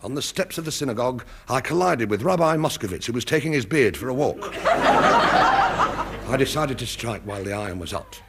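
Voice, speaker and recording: A man's voice: medium pitch, huge pitch swings, normal speed, very noisy. A man narrating a comedy sketch in a dry, mock-serious way. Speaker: comic narrator. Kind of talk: deadpan comic narration.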